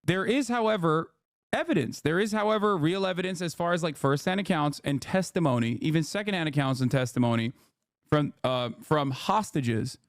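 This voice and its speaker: A man on an archived livestream clip, talking haltingly and often stopping to restart. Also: a little high, lively intonation, dry recording, clean studio sound. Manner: halting, many fillers and restarts. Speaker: streamer.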